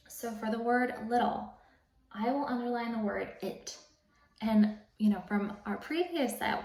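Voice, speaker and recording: A woman teacher calmly explaining how to teach sight words, step by step, in a patient, instructional manner. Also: on the high side. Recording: roomy, slightly distant mic.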